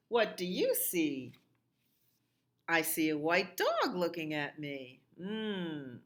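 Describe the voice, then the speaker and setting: A middle-aged woman librarian reads and sings to young children at storytime. She speaks slowly and leans into each phrase with a lively sing-song voice. Her repeated calls jump high above her fairly low speaking tone. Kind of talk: children's storytime reading and songs.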